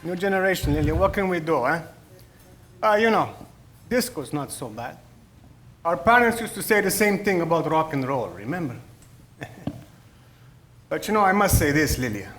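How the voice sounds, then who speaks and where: A high, lively voice for a warm, stubborn Italian immigrant father with an Italian accent, acted by a man. He teases and exclaims, swings his pitch a lot, and sounds like he's in an echoey room. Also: normal speed, long pauses, soft background music. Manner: teasing, exclaiming with Italian phrases. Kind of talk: stage play acting.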